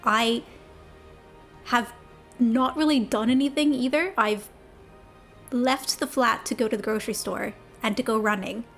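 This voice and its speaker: Young female streamer, bright high-ish voice, casual and talkative, reads dialogue in character. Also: fairly even intonation, a little slow, long pauses, soft background music. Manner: chatty, laughs easily, reads game dialogue aloud in character. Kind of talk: casual live gameplay chat.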